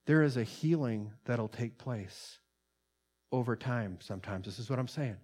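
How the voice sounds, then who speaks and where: Man, preacher, earnest sermon, reads quotes aloud, mid-pitched, loud on the quotes. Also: expressive, normal speed. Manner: earnest, rising in volume on quotes, many fillers. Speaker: pastor. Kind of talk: sermon with read-aloud transcript.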